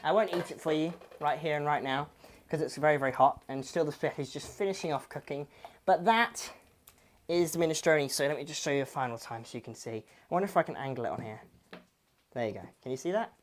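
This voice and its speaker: Brief: female cooking host, low voice, chatty, fond of corny jokes. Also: fast. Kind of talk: casual cooking demonstration.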